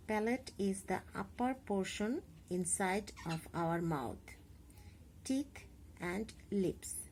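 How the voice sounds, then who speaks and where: A young adult woman teacher with a Bangladeshi accent, explaining a class lesson slowly and carefully, spelling out examples. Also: mid-range voice, a little mellow, slight background noise. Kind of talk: recorded online class lesson.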